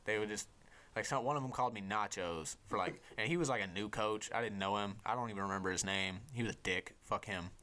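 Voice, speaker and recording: Low-voiced young man telling a profane story. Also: quick pace. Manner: profane, animated storyteller who drops to a hushed voice for inner thoughts. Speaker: podcast host. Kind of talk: casual storytelling chat.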